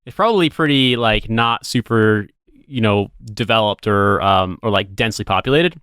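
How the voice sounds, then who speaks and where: A man's voice: on the low side, normal speed, a bit bright, clear, resonant tone, dry recording, clean studio sound. A man co-hosting a podcast, making wry, sardonic, profane asides in casual chat. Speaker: podcast co-host.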